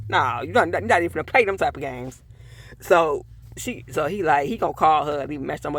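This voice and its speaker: A man's voice: fairly high pitch, expressive, fairly quick, fairly bright tone. A man casually recapping a TV episode, acting out the characters' lines with sassy asides. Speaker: TV show reviewer.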